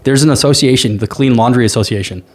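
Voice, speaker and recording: A man's voice: mid-range voice, fast talker. Chatty man telling stories. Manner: animated storyteller, repeats "right?". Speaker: commercial real estate agent, guest. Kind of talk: casual interview talk.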